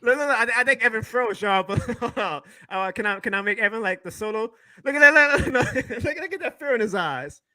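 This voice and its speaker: Fired-up, high-voiced ranting man. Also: lively intonation, fairly quick, few pauses, sharp tone. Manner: fired-up ranting, profane, laughs often. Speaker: podcast host. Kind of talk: live stream sports talk.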